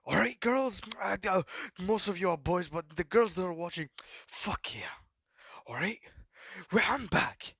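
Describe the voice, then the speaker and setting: A man rambling through a made-up fan story, hyperactive and swearing constantly. His voice sits slightly high, and the sound is close and dry, with no room echo. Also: animated, unhurried, creaky, fairly bright tone, breathy edge. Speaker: YouTube storyteller. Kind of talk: improvised fan-fiction narration.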